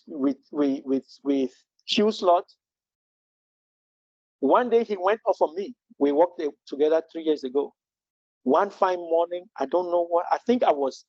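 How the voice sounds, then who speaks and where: A man's voice: on the high side, darkish tone, no room sound, dull audio. A man leading a live training webinar, earnest and full of rhetorical questions, often restarting his sentences. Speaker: Scrum trainer.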